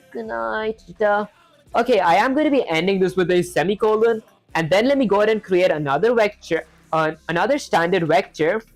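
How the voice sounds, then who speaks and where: A woman's voice: on the low side, a little mellow, dry recording, poor audio. A woman streaming herself coding, talking through each step and chatting with viewers in a loose, filler-heavy way.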